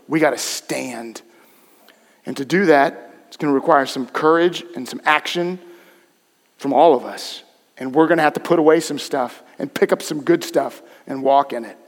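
A man's voice: fairly high pitch, in a large hall. Impassioned male pastor preaching. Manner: impassioned preaching with dramatic swings from hushed to loud; direct and conversational with the congregation. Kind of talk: sermon. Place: church sanctuary.

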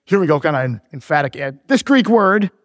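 A man's voice: a little high, big pitch swings, fairly quick, a bit bright, no echo, studio quality, big-room sound. A pastor in his forties, preaching a sermon in a church, mixing joking teases with earnest preaching. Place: church sanctuary.

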